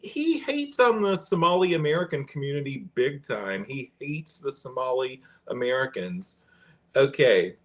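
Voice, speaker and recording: A man hosting a podcast, reading fact checks aloud and commenting in a conversational way. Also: medium pitch. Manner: conversational, pauses and restarts while reading aloud. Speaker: podcast host.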